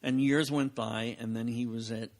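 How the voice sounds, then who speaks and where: An older man, a podcast guest recorded at home, telling animated anecdotes, acting out the voices of people he quotes and laughing often. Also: medium pitch, moderate pace. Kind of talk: casual anecdotal storytelling.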